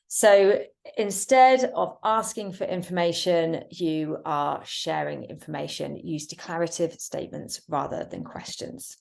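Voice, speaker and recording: A woman coaches her viewers through a webinar on speaking at work. She talks in a clear, emphatic way and leaves deliberate pauses. Her voice sits a little low for a woman. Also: a little mellow. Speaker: communication trainer. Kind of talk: webinar teaching.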